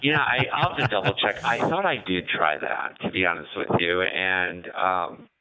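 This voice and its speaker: A man chatting casually over amateur radio, relaxed and thoughtful, pausing often with fillers. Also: sits low, no room sound. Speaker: ham radio operator calling in. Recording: tinny radio transmission.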